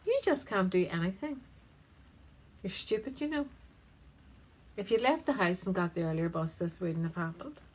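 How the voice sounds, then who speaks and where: A woman's voice: mid-range voice, pitched above the performer's own voice, poor audio. A woman putting on a scornful nagging parrot. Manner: belittling, scolding.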